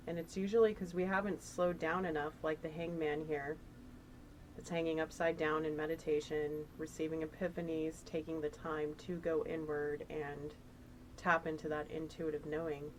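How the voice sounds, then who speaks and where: A woman's voice: sits low, flat delivery, normal speed, a little hiss or hum, poor audio. A woman giving a casual, chatty tarot reading, rambling and emotional as she talks through the cards. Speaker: tarot reader.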